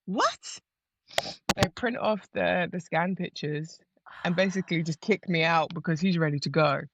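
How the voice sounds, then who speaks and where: A woman guest on a podcast, telling a personal story in a casual, animated way and acting out what others said. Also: fairly low pitch, moderate pace, lo-fi sound, background noise.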